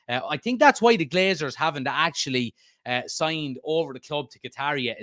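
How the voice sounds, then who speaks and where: A man's voice: on the high side, expressive, moderate pace, fairly bright tone, dry recording, clean studio sound. A man, hosting a football fan live stream, reading comments aloud and rambling casually with many fillers. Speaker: host of a football fan channel.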